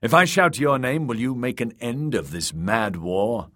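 A man's voice: mid-range voice, lively intonation, unhurried, a bit bright, voice pushed up. A man reading an audiobook, voicing a haughty young nobleman who speaks with scorn. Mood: scornful. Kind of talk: audiobook character voice.

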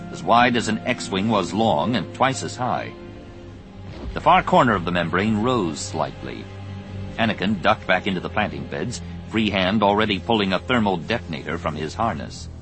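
A man reading an audiobook as narrator, with a measured, dramatic delivery. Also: low-pitched. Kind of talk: scripted narration. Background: background music score.

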